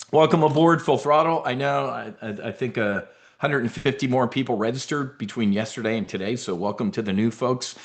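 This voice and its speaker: A middle-aged man hosting a live trading webinar, brash and blunt, swearing now and then and using military slang. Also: mid-range voice.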